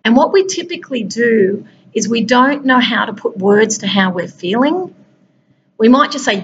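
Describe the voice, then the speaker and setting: A woman's voice: a little high, animated, normal speed, highs cut off, a little hiss or hum. Woman giving a chatty coaching talk. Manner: conversational, speaks directly to listeners. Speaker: peace and wellbeing coach. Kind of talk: informal motivational talk.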